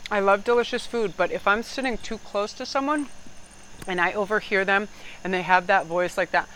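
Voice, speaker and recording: A woman's voice: mid-range voice, fairly even intonation, moderate pace, fairly bright tone, slight background noise, rough recording. A woman giving a casual tarot reading, rambling and blunt, swearing freely and laughing often. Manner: laughs often, slips into mock voices. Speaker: tarot card reader.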